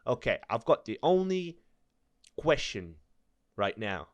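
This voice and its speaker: A man's voice: medium pitch, sing-song, slow pace, long pauses, dry recording. A man reading creepy stories aloud, nervous and stumbling, breaking off to laugh and joke between passages. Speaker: storyteller reading online stories. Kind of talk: reading aloud with joking commentary.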